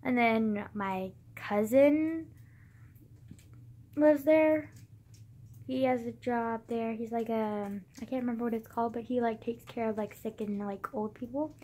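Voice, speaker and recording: A woman's voice: a little high, unhurried, mellow. Rambling teen girl vlogger. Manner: rambling, full of "like", swears freely. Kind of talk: casual vlog chat.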